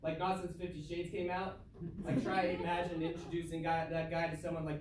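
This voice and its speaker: A man's voice: on the high side, flat delivery, fairly quick, noisy background. A young man performing a casual, self-deprecating stand-up comedy set in a comedy club, laughing at his own jokes. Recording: echoey room heard from far off.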